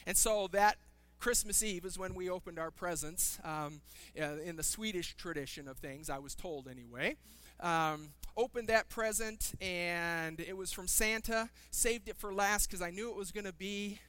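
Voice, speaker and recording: A man's voice: sits high, moderate pace, bright, forceful tone, clear, resonant tone. A man preaching a sermon as a pastor, telling funny stories and acting out the people in them. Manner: humorous storytelling with shifting character voices.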